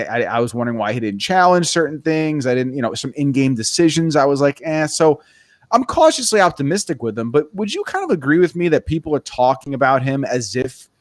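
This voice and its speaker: A man's voice: medium pitch, no room sound. Opinionated male podcast host. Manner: animated, opinionated, wry. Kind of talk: casual sports talk.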